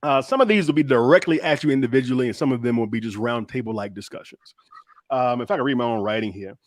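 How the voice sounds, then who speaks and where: A man hosting a casual roundtable chat, playful and quick to laugh. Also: mid-range voice, dry recording, studio quality. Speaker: podcast host.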